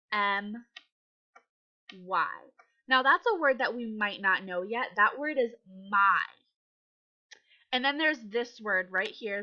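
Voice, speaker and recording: A woman's voice: medium pitch, bright, forceful tone, muffled recording. A woman teaching young children to read, patient and encouraging as she sounds out letters. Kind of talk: reading lesson for young children.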